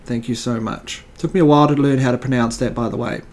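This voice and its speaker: A man's voice: mid-range voice, steady tone, quick pace, a little mellow. A man hosting a casual video, reading jokes aloud and giving wry, rambling commentary with fillers.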